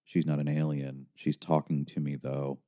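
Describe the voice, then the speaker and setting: A man's voice: a bass voice, little pitch movement, normal speed, warm tone. A man narrating his own memoir in an intense, confessional manner. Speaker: author and narrator.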